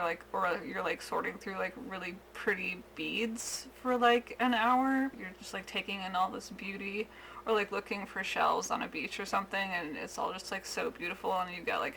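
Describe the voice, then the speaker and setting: A young woman chatting casually in her vlog, giggling often, with lots of "like" fillers, sometimes dropping to a soft whisper. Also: medium pitch, gravelly, slight background noise. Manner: drops to a soft whisper when emotional. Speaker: fiber artist vlogger.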